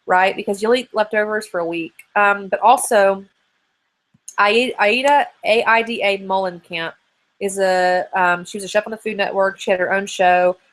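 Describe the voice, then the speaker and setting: A woman's voice: mid-range voice, steady tone, normal speed, a bit bright. A woman in her thirties hosting a live online hangout, chatting casually and rambling as she answers viewer questions. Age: 30s. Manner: chatty and rambling, many fillers. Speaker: host of a live video hangout.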